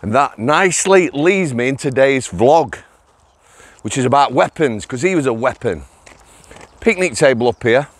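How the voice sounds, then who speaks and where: A middle-aged former prison officer vlogs while out on an outdoor walk, chatting to viewers, laughing and speaking to them directly. His voice is medium-pitched and expressive, at a moderate pace.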